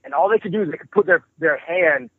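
Man with a husky voice on a tinny phone line. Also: a little high, quick pace, dry recording. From New York. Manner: profane, rambling, animated storyteller. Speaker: guest musician. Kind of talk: casual storytelling interview.

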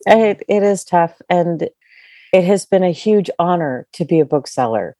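A woman's voice: lowish voice, lively intonation, a little slow, warm tone, no echo, studio quality. A middle-aged woman who owns a bookstore, chatting in an interview with enthusiasm, full of fillers and restarts. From California. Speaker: bookstore owner. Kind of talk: casual interview chat.

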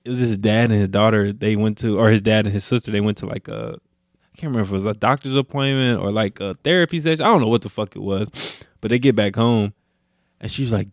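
A young man co-hosting a casual podcast chat, animated, acting out quotes with sudden high-pitched outbursts. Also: quick pace, dry recording, clean studio sound. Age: young adult. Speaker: podcast co-host.

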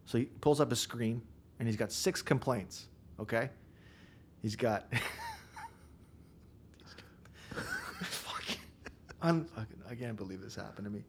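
A man's voice: medium pitch, measured pace, long pauses, slight background noise. A man, a contractor on a podcast, telling a wild story in a casual way, swearing freely and laughing as he goes.

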